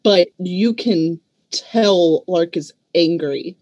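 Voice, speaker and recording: A woman co-hosting a casual book discussion, reflective and given to long, drawn-out explanations. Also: lowish voice, a little mellow, no echo, dull audio. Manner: reflective, talks at length, drawn-out phrasing. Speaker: book club co-host.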